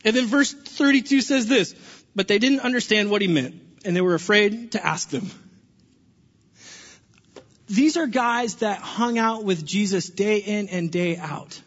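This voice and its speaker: A man preaching a sermon, animated in his storytelling and acting out the quotes. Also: high voice, measured pace. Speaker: pastor. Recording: dull lo-fi sound with long reverb.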